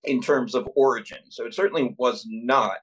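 A man co-hosting a casual podcast discussion, talking in a measured, analytical way and searching for his words. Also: medium pitch, slightly rough, poor audio. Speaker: podcast co-host.

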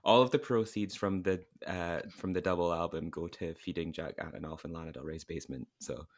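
A young man, co-hosting a podcast in casual chat with wry, deadpan quips. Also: sits low, brisk. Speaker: podcast co-host.

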